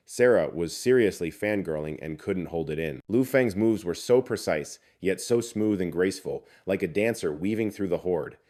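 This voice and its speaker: A man with a very low voice narrates a comic recap. His read is scripted yet chatty and full of slang. He keeps a steady storytelling pace.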